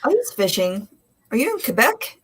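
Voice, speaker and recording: A woman co-hosting a live web show, teasing her partner with quick retorts in casual banter. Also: fairly high pitch, sing-song, breathy edge. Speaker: co-host.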